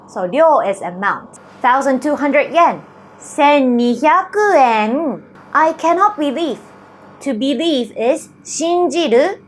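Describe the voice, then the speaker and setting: A woman teaching a language grammar lesson, explaining slowly and carefully and reading out example sentences deliberately. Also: high voice, a little hiss or hum.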